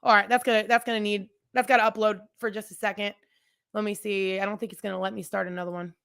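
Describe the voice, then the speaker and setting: A podcast host with a mid-range, gravelly, slightly bright yet smooth voice speaks fast with little pitch movement. She tells a personal story candidly and casually, addressing listeners directly while rambling, restarting sentences, and going off on asides.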